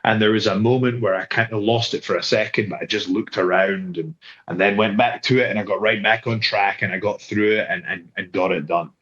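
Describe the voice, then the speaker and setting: Animated male storyteller, low lo-fi voice. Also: fairly quick. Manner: animated, acts out quoted voices, frequent restarts. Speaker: guest wrestler. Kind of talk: casual interview storytelling. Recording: slightly dull lo-fi sound.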